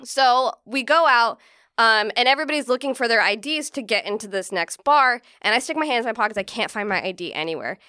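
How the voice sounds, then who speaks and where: A bright, crisp young woman telling a rambling story in casual podcast chat. Her voice is a little high and sits close and dry in the mic. She peppers her talk with ums and likes. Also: lively intonation, a little fast, dry recording. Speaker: comedian guest.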